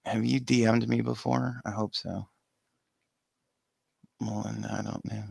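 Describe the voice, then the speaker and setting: Gravelly rambling man on a headset. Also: lowish voice, level tone, a little slow, a little mellow, no room sound. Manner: rambling, profane, laughs often, restarts sentences. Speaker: streamer hosting a call-in livestream. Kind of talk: casual rambling livestream chat.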